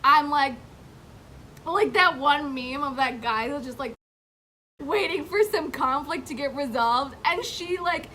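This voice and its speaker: A woman vlogger tells a rambling storytime tale with lots of swearing and frequent laughter. Her voice sits high and sounds bright and sharp. There is a faint hum of noise under the recording. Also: a little slow. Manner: animated, profane, laughing often, heavy use of "like". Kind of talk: casual storytime.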